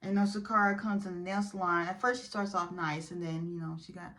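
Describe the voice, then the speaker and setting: A woman recaps a reality show in a casual, opinionated way, chatty and full of fillers, growing animated whenever she's indignant. Her voice is on the low side and she talks fast.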